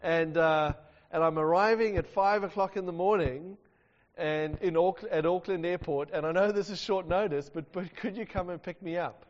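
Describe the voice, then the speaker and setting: A man's voice: high voice, moderate pace, close to an everyday voice. A man from New voicing an apologetic traveling friend who asks for a last-minute airport pickup. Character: apologetic male traveler needing a ride. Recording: dull sound with long hall reverb.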